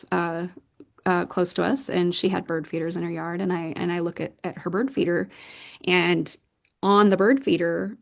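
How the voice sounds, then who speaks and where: A middle-aged woman, a podcast guest, telling a personal story in an animated, excitable way with many fillers and restarts. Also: medium pitch, vocal fry, muffled recording. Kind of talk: conversational storytelling.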